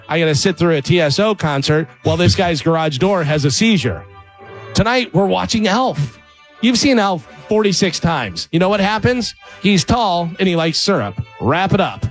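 Sarcastic radio co-host, fairly high voice. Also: male voice. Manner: sarcastic, punchy delivery. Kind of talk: comedic open-letter monologue, then casual banter.

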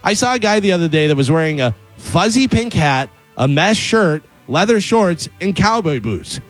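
A man's voice: sits high, big pitch swings, normal speed, soft background music, rough recording. A man delivering a scripted comedic rant as an open letter, sarcastic and mocking. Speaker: segment contributor reading an open letter.

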